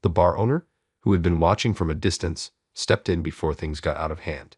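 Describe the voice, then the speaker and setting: Brief: deep, husky man narrating a story, dry close sound. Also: a little fast, a little mellow, no echo. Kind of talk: first-person story narration.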